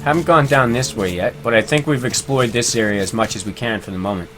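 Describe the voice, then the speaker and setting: A man's voice: mid-range voice, quick pace, fairly bright tone, soft background music. A man streaming a game live, chatting casually, reading viewer comments aloud and laughing easily. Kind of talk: casual live-stream chat while gaming.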